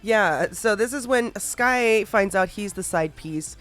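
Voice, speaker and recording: A woman's voice: mid-range voice, slow, a bit bright, faint music behind. A woman hosting a podcast, chatting casually and recounting a roleplay story with frequent laughs and casual swearing. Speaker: podcast host.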